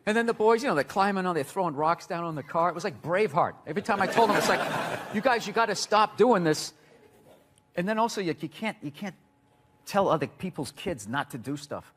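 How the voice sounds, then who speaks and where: A man who is a comedian and talk show guest, telling profane stories in a blunt, animated way. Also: high voice, fast talker, a little hiss or hum. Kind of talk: profane ranting comedy and chat.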